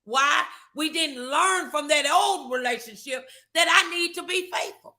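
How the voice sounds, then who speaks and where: A woman's voice: high-pitched, a little slow, pushed and bright. A woman co-hosting a podcast, giving emphatic faith-based advice, repeating her phrases. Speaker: podcast co-host.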